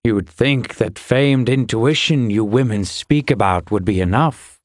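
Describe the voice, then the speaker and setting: A male narrator voicing a gruff, dry-humored older fire warrior in an audiobook. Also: medium pitch, measured pace, no echo, natural voice. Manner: grumbling, wry.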